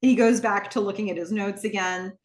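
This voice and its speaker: A woman hosting a podcast, retelling a TV episode scene by scene in a lively, laughing way. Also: mid-range voice, fairly quick. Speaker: podcast host. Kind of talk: casual episode recap. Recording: roomy echo.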